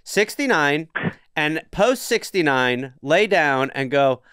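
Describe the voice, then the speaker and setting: A man co-hosting a podcast, playfully pitching crude ideas in a casual comedic chat. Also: lively intonation, slow, fairly bright tone, clean tone, no echo, studio quality. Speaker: podcast co-host giving advice.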